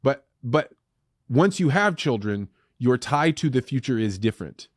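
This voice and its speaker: A man in his thirties hosts a podcast conversation, speaking in an earnest and reflective way. His voice sits at a mid pitch, and the recording is dry and close with no room echo. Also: big pitch swings, unhurried. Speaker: podcast host. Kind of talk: casual conversational interview.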